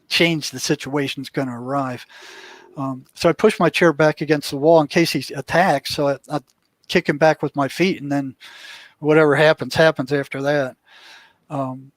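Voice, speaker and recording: A man's voice: a little high, dry recording. An older man, a guest in an interview, telling a story casually and acting out what people said along the way. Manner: vivid storyteller who acts out what people said. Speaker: interview guest, former prison mental health worker.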